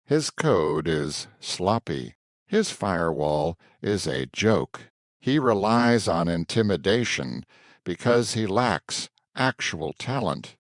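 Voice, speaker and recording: A confident, blunt young woman analyst, as a man narrating puts her on, matter-of-fact and sure of herself. The voice is low-pitched with a lively melody. It is recorded close and dry. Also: slow pace, no room sound, full character voice. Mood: self-assured.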